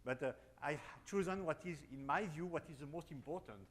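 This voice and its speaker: A man with a French accent, a robotics company founder on a panel, speaks haltingly and repeats words as he searches for English. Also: a little high. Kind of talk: panel talk.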